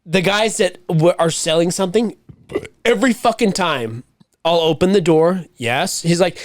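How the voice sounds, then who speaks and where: Male podcast co-host, casual and jokey, swears freely; high-ish lively voice, dry close sound. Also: moderate pace, no echo. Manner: joking, swears a lot, laughs easily. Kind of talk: casual chat.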